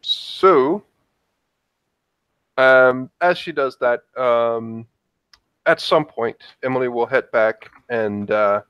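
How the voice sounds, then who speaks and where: A man's voice: medium pitch, slow, pauses often, a bit bright, smooth, no echo. A man playing a tabletop role-playing game, describing his character's actions in a hesitant way with many fillers and restarts. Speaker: player.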